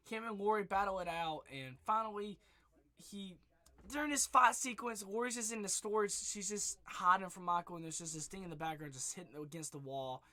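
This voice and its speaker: A man excitedly retelling a movie plot in a rambling, profane spoiler review, his voice going hoarse. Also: sits high. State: losing his voice. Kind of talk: casual spoiler review monologue. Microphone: webcam.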